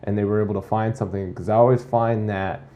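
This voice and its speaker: Man, podcast host, fairly low voice, casual chat, animated, acts out quotes. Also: fast. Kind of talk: casual interview talk.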